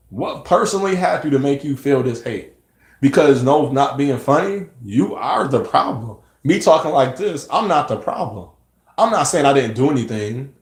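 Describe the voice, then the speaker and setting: A man's voice: medium pitch, roomy sound. A man giving a rambling, earnest personal monologue, preaching about hate, self-reflection and staying positive. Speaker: vlogger.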